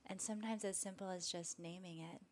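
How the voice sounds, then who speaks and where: A woman meditation teacher speaking as a guest in a conversational interview, calm and reflective, growing gently animated when she acts out examples. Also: lowish voice, a little fast.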